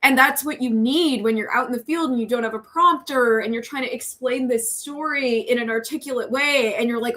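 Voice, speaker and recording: A woman's voice: fairly high pitch, brisk, hardly any pauses, sharp tone. A young woman, a TV news reporter, talking earnestly as a podcast guest, chatty, with frequent laughs and fillers. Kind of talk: casual interview talk.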